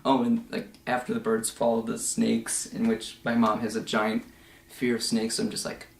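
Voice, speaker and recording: A young man giving a casual, rambling film review full of fillers and asides, now and then slipping into quick mocking voices. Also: mid-range voice, monotone, vocal fry. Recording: echoey room.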